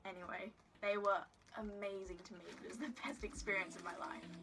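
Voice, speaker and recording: A woman's voice: medium pitch, steady tone, a little fast, over music. A woman telling a story to her phone camera in a casual vlog, giggly and rambling with lots of "like" and self-deprecating asides. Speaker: vlogger.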